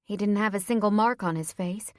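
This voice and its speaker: A woman's voice: medium pitch, a little fast, no echo. Woman narrating an audiobook, dry sound. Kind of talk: first-person scripted narration.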